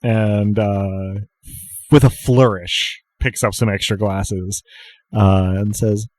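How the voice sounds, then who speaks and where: Man, game master, tabletop narration, amused, lower pitch. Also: fairly even intonation, slow pace, a little mellow, no echo.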